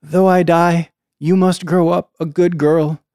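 Man doing a dying gentle mother, soft weak voice, slightly higher, smooth, dry close sound. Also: flat delivery, measured pace, no echo, close to an everyday voice. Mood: tender, fading. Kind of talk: read-aloud folktale voice.

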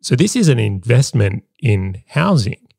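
A man's voice: medium pitch, very animated, measured pace, creaky, darkish tone, slightly rough, dry recording, clean studio sound. A man co-hosting a business podcast, explaining ideas step by step in an analytical way. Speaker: podcast co-host. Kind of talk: casual business podcast chat.

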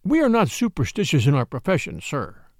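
A man voicing a grave, matter-of-fact male ship's doctor who speaks quietly and earnestly. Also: fairly high pitch, wildly swooping pitch, a little fast, dry recording, studio quality.

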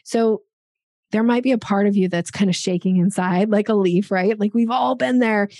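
A woman's voice: mid-range voice, normal speed, dark tone, no echo, studio quality. A woman sales coach giving emphatic conversational advice on an interview, acting out examples of tone.

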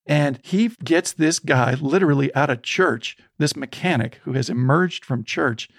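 A man, a storytelling coach, interviewed as a guest and telling a personal story in a vivid, animated way. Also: a little high, a little slow, gravelly, no room sound, clean studio sound.

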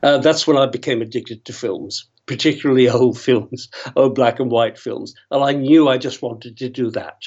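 Older Northern Irish actor guest, rambling raconteur, muffled remote audio. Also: male voice, mid-range voice, moderate pace, few pauses, a little mellow, breathy edge. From Northern Ireland. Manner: chatty, rambling storyteller who laughs often. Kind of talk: casual interview storytelling.

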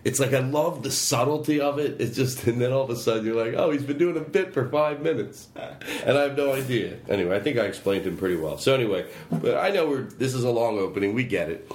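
A man's voice: medium pitch, lively intonation, fast talker, few pauses, echoey room. A man hosting a casual comedy podcast, rambling, swearing and laughing between tangents. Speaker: podcast host.

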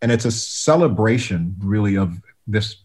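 A man, a guest music producer, telling stories in a relaxed interview, animated and full of restarts. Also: lowish voice, normal speed, slightly rough. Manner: animated storyteller, many restarts, acts out quotes.

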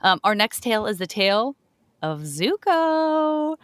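A woman's voice: medium pitch, big pitch swings, measured pace, fairly bright tone, no room sound. Woman cohost gushing thru an episode recap, mid voice, dry close sound. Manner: enthusiastic, upbeat recapping. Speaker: podcast co-host. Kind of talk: casual chat recapping a show.

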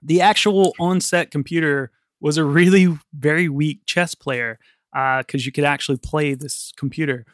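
A man's voice: on the high side, fairly even intonation, moderate pace, fairly bright tone, no echo, clean studio sound. A man hosting a casual film podcast, chatty and swearing casually, laughing often. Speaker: podcast host.

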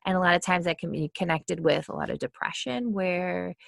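A woman's voice: fairly low pitch, brisk, gravelly, a bit bright, no room sound, clean studio sound. A woman coaching in a casual, explanatory way, full of fillers and acted-out complaints. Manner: chatty, many fillers, acts out quoted complaints.

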